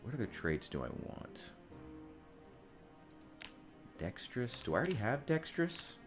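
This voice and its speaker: A man's voice: medium pitch, sing-song, moderate pace, music in the background. A man from the United States chatting casually while streaming a game, rambling and swearing with a wry edge. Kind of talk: casual gaming stream chat.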